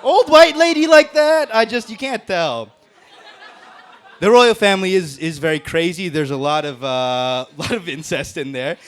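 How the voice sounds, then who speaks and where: A man's voice: a little high, moderate pace, a bit bright, clean tone. A man doing a brash, profane stand-up roast set on a comedy club stage, laughing at his own jokes. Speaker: stand-up comic in a roast battle.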